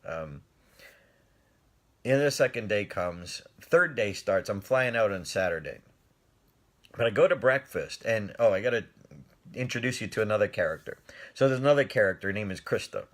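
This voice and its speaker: With a fairly low voice at normal speed and long pauses, a middle-aged man recounts a personal story on a live stream. He's casual and animated, frequently laughing and replying to viewer comments.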